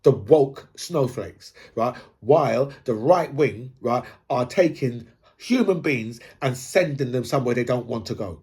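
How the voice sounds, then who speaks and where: A man's voice: medium pitch, lively intonation, normal speed, darkish tone, slightly rough. A man ranting casually in a rambling monologue, swearing and tagging his points with "right?".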